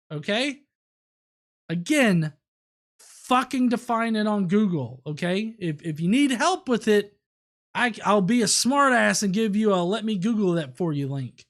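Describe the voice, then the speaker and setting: Male stream host, home setup, loose and profane, rambles then rants. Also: sits high. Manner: profane, rambling, quick to rant. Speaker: livestream host. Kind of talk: casual livestream commentary.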